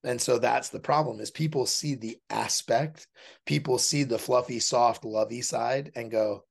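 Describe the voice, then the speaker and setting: A man in a relaxed interview setting, his voice husky and breathy at the edges. He talks bluntly and swears freely, putting on voices to play out how other people react. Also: medium pitch, unhurried. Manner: blunt and profane, acts out quoted voices. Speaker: podcast guest, fighter and dog trainer. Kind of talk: casual interview talk.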